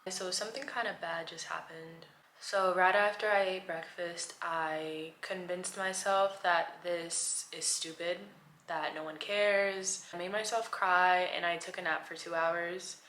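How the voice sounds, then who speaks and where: A woman in her twenties talking candidly in a casual vlog diary, swinging between soft murmurs and excited bursts. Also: fairly low pitch, unhurried, slight background noise. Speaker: vlogger. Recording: echoey room.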